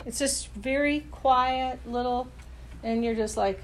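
A woman's voice: high voice, slow, noisy background. A woman preaching in a casual, earnest way, talking conversationally with frequent restarts.

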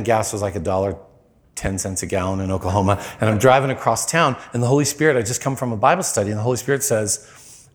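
In a lowish voice, a middle-aged preacher tells a story as his sermon, keeping things conversational. He performs the different voices of the people in the tale.

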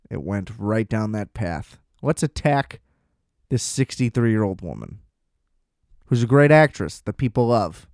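A man's voice: mid-range voice, darkish tone, no echo, clean studio sound. A man ranting in casual commentary, rambling, sarcastic and full of swearing. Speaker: vlogger.

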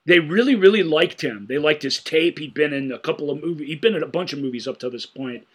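A man's voice: on the high side, quick pace, slightly rough. A man co-hosting a casual film podcast, retelling scenes with enthusiasm and frequent stammered restarts. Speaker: podcast co-host.

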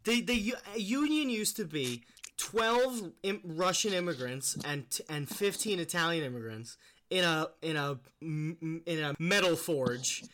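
A man's voice: fairly high pitch, animated, measured pace, a bit bright, slight background noise. A man co-hosting a podcast in casual banter, rambling, swearing freely and laughing often. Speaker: podcast co-host.

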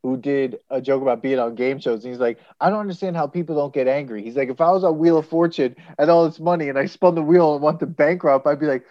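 Speaking fast and fairly high with hardly any pauses, a young podcast co-host spins lively stories in casual conversation, performing the quotes as he goes. The recording has no room sound and the highs are cut off.

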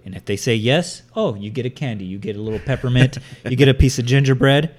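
A man's voice: mid-range voice, fast talker, darkish tone. A man co-hosting a casual podcast, rambling through a story with lots of fillers and swearing. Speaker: podcast co-host.

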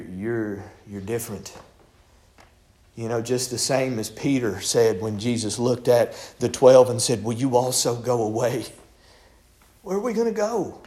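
A medium-pitched man preaches a folksy, story-filled sermon. He acts out voices and builds up to shouts.

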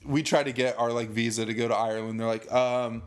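A man's voice: mid-range voice, fairly even intonation, quick pace. A young man co-hosting a podcast, chatting casually in crude, joking banter full of fillers. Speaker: podcast co-host. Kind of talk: casual chat.

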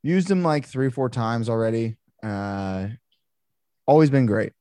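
A man co-hosting a casual podcast, telling a story with animated, exasperated swearing. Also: medium pitch, measured pace, dry recording. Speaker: podcast co-host. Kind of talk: casual chat.

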